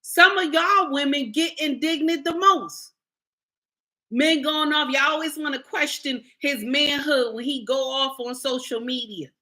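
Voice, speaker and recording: A woman's voice: sits high, unhurried, pushed and bright. A middle-aged woman content creator, lecturing and scolding her viewers in a blunt, preachy commentary. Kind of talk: livestream commentary rant.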